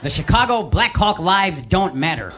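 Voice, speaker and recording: A man's voice: high-pitched, very animated, normal speed. A man in his thirties doing a profane, punchy stand-up set on a club stage into a handheld mic. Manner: brash, profane, punchy delivery. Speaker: stand-up comedian. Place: club stage before a laughing crowd. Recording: loud crowd laughter and noise.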